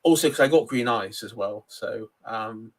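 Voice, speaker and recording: A man from Cornwall with a middle-class English accent, chatting as a podcast guest and pausing often with ums and uhs. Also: lowish voice. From Cornwall, England. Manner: hesitant, lots of ums and uhs. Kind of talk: casual podcast chat.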